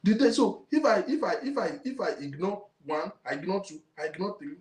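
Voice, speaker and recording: Indignant Nigerian man ranting, slightly high. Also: big pitch swings, fairly quick. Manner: emphatic, indignant, repeats himself, mixes in Yoruba. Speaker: host of a talk show. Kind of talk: ranting monologue to viewers. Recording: roomy echo.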